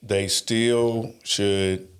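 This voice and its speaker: A man's voice: fairly low pitch, little pitch movement, very slow. A man co-hosting a podcast, talking in rambling, emphatic runs with frequent restarts and asides. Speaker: podcast co-host. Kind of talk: casual podcast chat.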